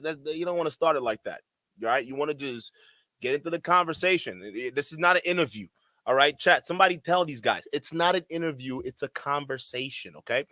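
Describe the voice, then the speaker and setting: A man's voice: a little high, bright, forceful tone, no echo. A man doing reaction commentary, mocking and laughing as he talks to his chat. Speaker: reaction streamer.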